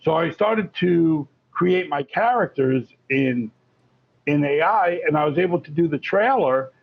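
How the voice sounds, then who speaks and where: A gravelly man with a fairly high voice speaks as a guest on an interview show, chatty and animated and often restarting his sentences. The sound is muffled and lo-fi. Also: a little slow. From Florida. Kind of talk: casual interview talk. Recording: lo-fi muffled audio.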